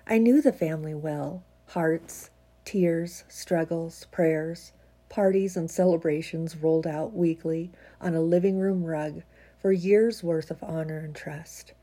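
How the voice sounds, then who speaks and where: A woman's voice: low-pitched, steady tone, a little slow. A woman with a congested, stuffy voice chats casually, then reads her own reflective piece in an earnest way. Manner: warm, earnest, chuckles often. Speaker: vlogger reading her own writing.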